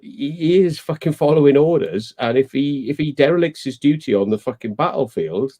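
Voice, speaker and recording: A man's voice: a little high, animated, fairly quick, dark tone. A man chatting casually on a live stream, ranting and swearing freely as he gives his opinions.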